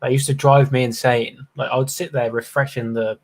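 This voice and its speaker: A man's voice: mid-range voice, level tone, a little fast. Curious British man in casual chat. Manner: chatty, curious, asks lots of questions.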